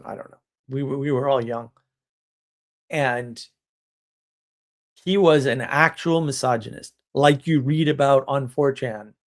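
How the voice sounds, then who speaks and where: A man hosting a live stream, talking in a casual monologue that rambles with restarts and chuckles, blunt and wry. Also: medium pitch.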